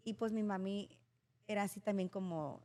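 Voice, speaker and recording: A middle-aged woman co-hosting a podcast, chatting casually and expressively, with quick bursts of laughter. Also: mid-range voice, dark tone, no echo. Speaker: podcast co-host and mother. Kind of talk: casual chat.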